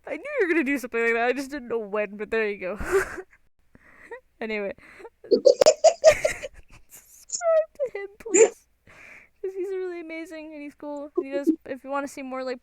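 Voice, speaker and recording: A woman's voice: fairly high pitch, fairly quick, smooth, no echo. A young woman streamer chatting casually, giggly and full of fillers.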